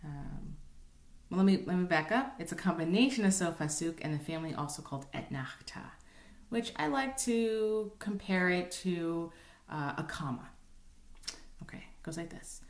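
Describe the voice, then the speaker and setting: A woman's voice: lowish voice, animated, moderate pace, roomy sound. A woman cantor explaining how to chant Torah in a casual lesson, with many ums and rhetorical "right?". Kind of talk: informal recorded lesson with sung examples.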